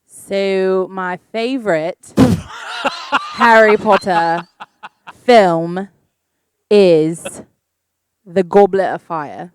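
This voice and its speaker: A woman's voice: medium pitch, animated, unhurried, clean tone, natural voice. A woman doing a hammy mock-British accent. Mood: playful mock-posh. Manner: hammy, laughing through the lines.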